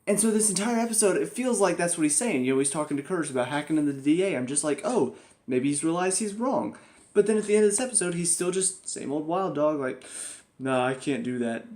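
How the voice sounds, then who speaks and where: A man's voice: sits high, fast, hardly any pauses, darkish tone. A young man giving a casual spoken TV review, exasperated and sarcastic, often laughing at the plot. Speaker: TV show reviewer.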